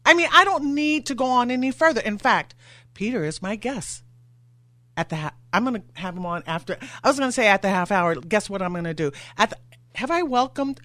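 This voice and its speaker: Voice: medium pitch, expressive, fairly quick, sharp tone, no room sound. A talk radio host in a studio, getting worked up and firing off rhetorical questions.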